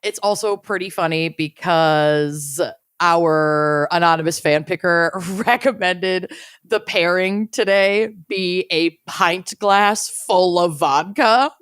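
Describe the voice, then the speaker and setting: A woman's voice: on the low side, takes it slowly, a bit bright, clear, resonant tone, no echo, clean studio sound. A young adult woman co-hosting a casual true crime podcast, chatty and wry, often laughing as she talks. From Minnesota. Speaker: podcast co-host.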